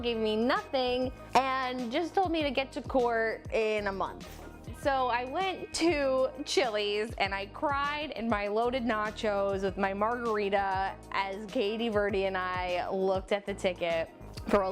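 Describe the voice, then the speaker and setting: A young woman with a New Jersey accent chats into her camera in a casual storytime vlog. She tells the story in an animated, self-mocking way, with playful exaggeration. Faint music plays underneath. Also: mid-range voice, slow. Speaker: vlogger.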